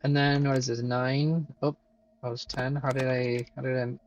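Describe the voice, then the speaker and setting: A man's voice: medium pitch, little pitch movement, normal speed, muffled recording. Chatty man streaming a game. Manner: chatty, thinks aloud, many fillers and swears. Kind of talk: casual live game commentary.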